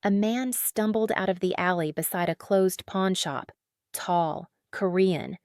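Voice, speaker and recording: A woman narrating a dramatic story in an even, matter-of-fact read on a close mic. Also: mid-range voice, no echo.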